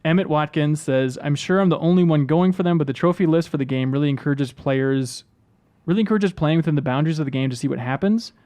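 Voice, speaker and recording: Male podcast host, quick and a bit high-pitched, animated reader of listener mail. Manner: animated, reads messages aloud quickly. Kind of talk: casual podcast chat.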